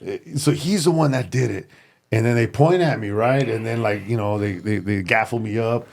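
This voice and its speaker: Low gravelly dude telling stories on a podcast, lots of energy, drops into spanish quoting his folks. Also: normal speed. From family from Sinaloa and Durango. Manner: animated, switches into Spanish for quoted family. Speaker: podcast guest; former deputy sheriff. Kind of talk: casual storytelling.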